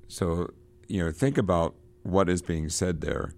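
A man with a very low, deep voice works through a novel, reading passages aloud and then pausing to explain them. Between readings he talks haltingly, with many fillers and restarts, and his voice rises and grows louder when he reads the text. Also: gravelly.

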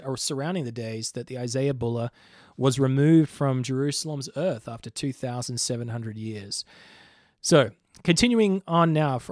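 A man's voice: mid-range voice, no echo, studio quality. A man in his thirties hosting a program, talking conversationally with frequent restarts and personal asides. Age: 30s. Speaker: host. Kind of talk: casual spoken commentary.

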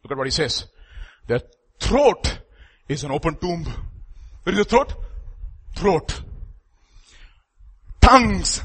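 High, bright-voiced preacher man. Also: sing-song, takes it slowly, pauses often, husky. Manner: preaching with rising, emphatic outbursts. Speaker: pastor. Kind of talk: sermon.

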